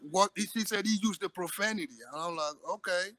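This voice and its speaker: A man in his thirties telling a story in a casual, profane, animated chat. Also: high voice, fairly quick, dry recording. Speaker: podcast co-host.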